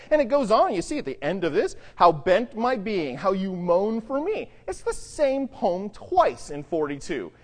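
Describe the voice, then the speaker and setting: A Bible teacher lecturing on the Psalms reads verses slowly, then explains them in a dramatic, conversational way, sinking to hushed, low phrases for emphasis. A long reverb tail follows his voice.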